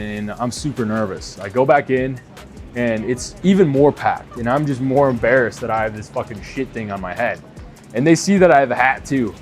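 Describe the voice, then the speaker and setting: A young man telling a story in a casual, profane, exasperated way, as a vlogger. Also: medium pitch.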